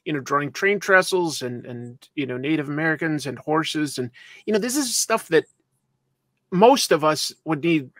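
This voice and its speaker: A man's voice: on the high side, lively intonation, moderate pace, a bit bright, no room sound. A man hosting a casual interview, asking curious, reflective questions with plenty of hedging. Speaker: interview host.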